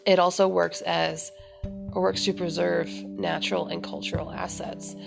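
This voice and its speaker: A woman hosting a podcast, reading notes aloud with casual asides, halting with many ums and self-corrections. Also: on the low side, level tone, gravelly, over music. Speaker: podcast host.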